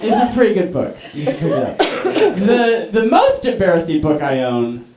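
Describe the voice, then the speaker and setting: A man's voice: sits high, wildly swooping pitch, moderate pace, over a noisy crowd. A man doing a rambling, self-deprecating stand-up set, chatting with the audience. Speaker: stand-up comedian. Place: small comedy venue. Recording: echoey venue mic from a distance with loud noise. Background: loud audience laughter and noise.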